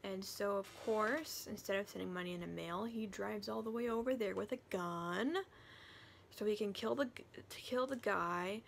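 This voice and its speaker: A woman talking through her monthly reading in a chatty, animated book review vlog, now and then dropping to a whisper. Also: medium pitch, moderate pace, vocal fry, a little hiss or hum.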